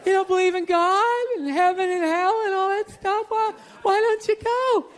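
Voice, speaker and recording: A man's voice: extremely high pitch, moderate pace, voice pushed up. A man voicing his insistent, churchgoing girlfriend on stage, asking pleading questions in a raised voice. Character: nagging religious girlfriend, young woman. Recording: live show, loud crowd laughter.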